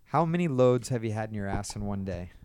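A woman host running a casual podcast interview with blunt, probing questions. Her voice is extremely low for a woman. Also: expressive, brisk, dark tone, slight background noise.

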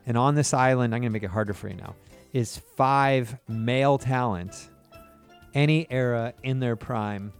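A man's voice: mid-range voice, normal speed, clean tone, soft background music. A man hosting a casual podcast interview, teasing his guest with crude jokes. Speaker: podcast host.

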